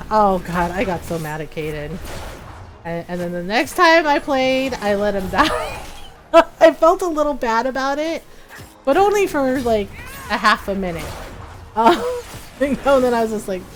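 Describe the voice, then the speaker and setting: A woman game streamer in casual chat, animated, laughing often and swearing casually. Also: on the high side, a little slow, faint music behind.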